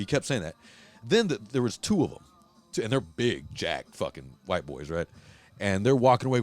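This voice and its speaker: A man hosting a casual podcast chat, telling a story in a profane, animated way and acting out quotes. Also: fairly low pitch, brisk. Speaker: host. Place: Huntington Beach, California.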